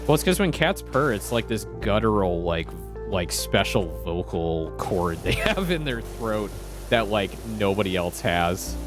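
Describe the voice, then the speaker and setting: A man's voice: lowish voice, big pitch swings, a little slow, over music. A man chatting casually on a game stream, playful and laughing often.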